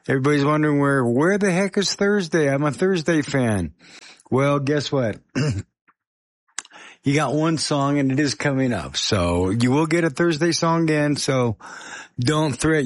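A man hosting a radio music show, talking casually in a scratchy, hoarse voice while fighting a chest cold and coughing now and then. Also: medium pitch. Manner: chatty, self-deprecating, apologetic.

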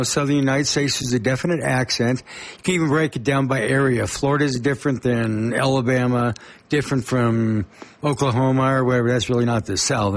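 A middle-aged man from Colorado, hosting a small community radio show and chatting casually between songs, rambling with plenty of fillers. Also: mid-range voice. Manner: rambling, chatty, many fillers and asides to listeners. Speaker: radio host.

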